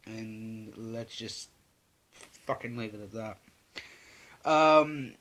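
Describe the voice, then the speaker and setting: Sweary, rambling young Englishman, bright voice. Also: lowish voice, extremely slow. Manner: rambling, sweary, many fillers. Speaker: vlogger answering viewer questions. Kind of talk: casual Q&A vlog.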